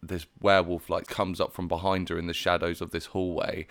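A man's voice: low voice, level tone, fairly quick, fairly bright tone, no room sound. A man chatting casually about a film as podcast co-host, telling scenes animatedly with frequent laughter and swearing.

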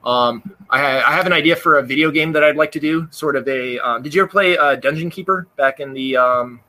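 A man with a bright, forward voice, talking as a guest in a relaxed interview. He is earnest and thoughtful, pausing on ums as he explains his views on games. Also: on the high side. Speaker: game designer, interview guest. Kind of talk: casual interview chat.

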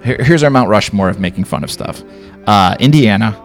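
A man's voice: on the low side, lively intonation, brisk, vocal fry, faint music behind. A man with a Chicago accent, co-hosting a podcast in casual chat, rambling with many restarts. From Chicago area. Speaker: podcast co-host.

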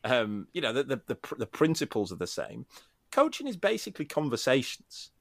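Guy coach on a podcast, lively up-and-down voice, bit of fry, dry close sound. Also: mid-range voice, a little fast, no room sound. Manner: animated, restarts often, acts out quotes. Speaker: tennis coach and podcast co-host. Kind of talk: casual podcast discussion.

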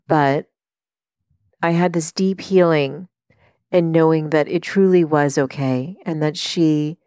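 A middle-aged woman hosting a podcast, telling a personal story in an earnest, reflective way, with many pauses and fillers. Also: deep voice, darkish tone, clear, resonant tone, no echo, studio quality. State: tearful while telling a story. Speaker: podcast host and life coach.

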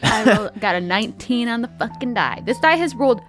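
A woman's voice: fairly high pitch, expressive, fairly quick, fairly bright tone, faint music behind. A woman playing a tabletop game with wry, playful phrasing. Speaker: player. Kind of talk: casual tabletop game play.

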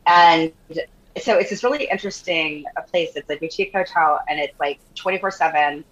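A woman in her fifties, a podcast guest telling a story in casual chat. She is animated, laughs often, swears freely and acts out both sides of the dialogue. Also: sits low, brisk, highs cut off.

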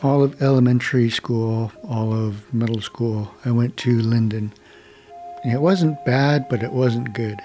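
A calm, laid-back young man from the United States, telling a traditional story to a gathering. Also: medium pitch, a little slow, soft background music.

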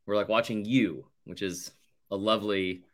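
A man's voice: on the low side, fairly even intonation, normal speed. A male podcast co-host telling a rambling, sarcastic story in casual chat, saying "like" constantly. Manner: rambling, sarcastic, heavy use of "like".

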